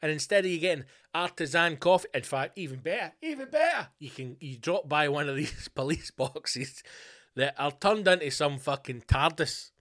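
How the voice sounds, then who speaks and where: A man's voice: fairly high pitch, normal speed. Scottish male host, middle-aged, loose sweary monologue. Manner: rambling, sweary, animated. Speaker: podcast host. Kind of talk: casual monologue.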